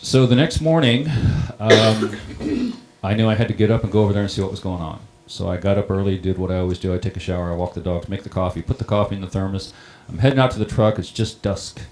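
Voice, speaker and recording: A middle-aged man who runs a town water system recounts a personal story in a plain-spoken, halting way. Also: on the low side, background noise. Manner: plain-spoken, halting, many ums and restarts. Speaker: water district operator on a panel.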